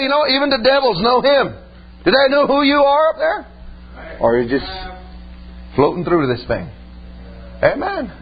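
A male preacher with a high-pitched, slightly rough voice delivers a folksy storytelling sermon, returning again and again to "amen" and "man". It's captured in dull lo-fi audio with a faint hum.

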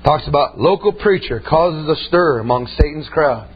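High-voiced, folksy preaching man. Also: expressive, normal speed. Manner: emphatic, colloquial, rising to shouts. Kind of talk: folksy storytelling sermon. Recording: slightly muffled with faint hum.

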